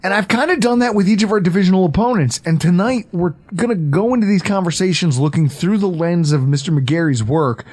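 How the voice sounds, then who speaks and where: A man in his thirties hosts a loose sports podcast with a slightly raised voice. He talks excitedly, swears casually and laughs often at his own stories. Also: high-pitched, fairly quick, hardly any pauses. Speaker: podcast host.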